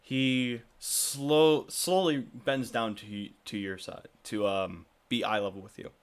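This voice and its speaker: A man's voice: medium pitch, slow pace, clean tone. A man narrating a tabletop game as game master, chuckling now and then. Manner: chuckling, relaxed narration with voiced characters.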